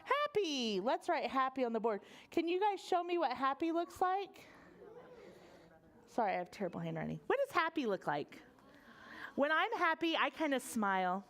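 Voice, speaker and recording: Reading aloud to a group of preschoolers, the young librarian uses a lively sing-song delivery and quizzes them about the picture book. Her voice sits high, and she keeps a moderate pace.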